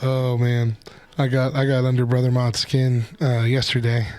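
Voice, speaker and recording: A man with a strained, struggling voice co-hosts a live stream in easy, casual chat. He jokes and laughs a lot, now and then slipping into a slow, sultry radio voice. Faint music plays behind him. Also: mid-range voice, completely flat delivery, darkish tone, dry recording. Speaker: co-host of a live stream show.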